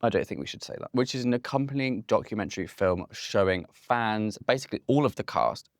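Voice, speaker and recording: A man's voice: fairly low pitch, lively intonation, a little fast, no room sound, studio quality. A man in his late twenties hosting a comedic monologue with camp, playful, theatrical asides. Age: late 20s. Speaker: host.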